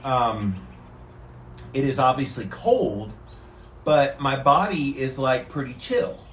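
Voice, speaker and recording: Calm, steady-voiced man in an ice bath. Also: mid-range voice, takes it slowly, roomy sound, a little hiss or hum. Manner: calm and steady, relaxed despite the cold. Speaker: vlogger doing a daily ice bath challenge. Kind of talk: casual talk to camera. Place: sitting in an ice bath tank.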